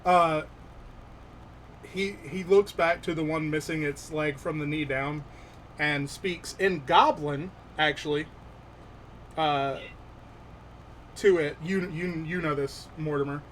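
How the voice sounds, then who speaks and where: A man running a tabletop session as game master, narrating slowly with many pauses and fillers. His voice sits slightly high, with a faint hiss in the background. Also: fairly even intonation, a bit bright, poor audio. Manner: hesitant, filler-heavy narration.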